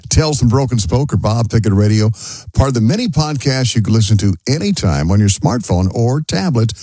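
A man's voice: medium pitch, expressive, brisk, mellow, breathy edge, no room sound. A man working as a radio DJ, talking in a chatty, folksy way with little asides. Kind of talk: casual radio presenting.

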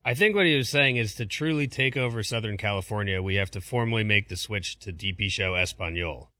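A man's voice: on the low side, brisk, bright, forceful tone, no echo. A man co-hosting a sports radio show, trading dry wisecracks. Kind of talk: casual sports radio chat.

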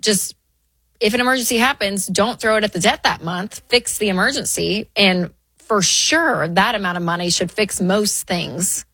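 A woman's voice: medium pitch, moderate pace, sharp tone, dry recording. A woman co-hosting a call-in advice show, talking in a plain, encouraging way. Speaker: radio show co-host.

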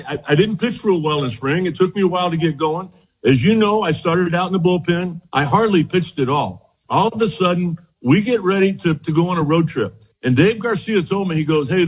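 An older man with a husky, slightly raised voice tells stories from his playing days. He is animated and slips into the voices of the people he quotes. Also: a little high. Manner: animated storyteller, acts out quoted dialogue. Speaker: former pitcher, guest. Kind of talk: storytelling interview.

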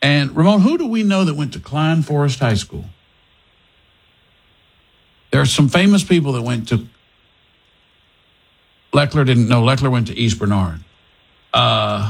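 A man's voice: medium pitch, normal speed, vocal fry, pauses often, husky. A middle-aged man hosting a casual radio call-in show, joking and restarting his sentences. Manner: jokey, animated, restarts sentences. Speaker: radio talk show host.

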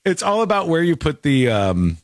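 A man's voice: on the high side, sing-song, normal speed, no room sound, studio quality. A man hosting a talk show, commenting in a mocking, exasperated way. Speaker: show host.

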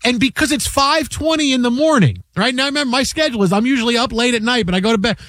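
Sports radio host, man in his forties, high-pitched and lively, dry close mic. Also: fast, dry recording. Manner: animated storyteller, acts out quotes. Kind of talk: casual sports talk.

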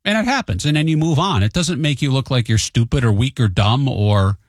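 In a casual monologue, a man spins everyday stories and admits he tends to be hot-headed. Whenever he quotes someone, he jumps into a higher, animated voice. His pitch is an ordinary middle, his pace a little fast, and the recording is dry and close with no room sound.

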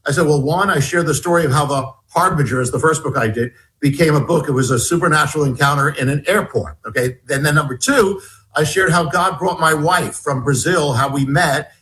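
A man's voice: on the high side, fairly bright tone. A man being interviewed, telling a story at length in a rambling way, full of restarts and stumbles. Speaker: guest author.

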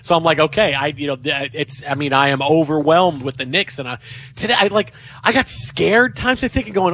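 A man hosting a sports radio talk show, telling rambling, excitable stories full of restarts. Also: high-pitched, a little fast, a little hiss or hum. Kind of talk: casual sports radio banter.

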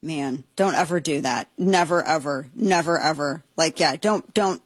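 A woman's voice: sits low, unhurried, breathy edge, dry recording. A woman hosting a talk radio show, reacting with incredulous, joking exclamations. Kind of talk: casual talk radio commentary.

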